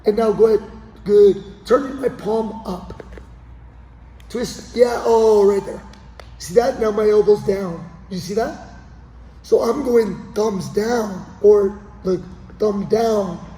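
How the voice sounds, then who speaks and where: On the mats of a training gym, a man with a high, warm voice coaches grappling while demonstrating a technique, checking in with his partner often. The gym is echoey with a long reverb, and there's a slight hiss or hum.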